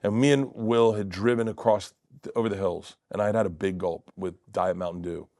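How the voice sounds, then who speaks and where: A middle-aged man telling a long funny story as a guest on a talk show, acting out the other people's voices and laughing loudly. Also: fairly low pitch, steady tone, a little fast, no room sound, studio quality. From Florida. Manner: acts out quoted voices, loud bursts of laughter. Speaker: comedian guest.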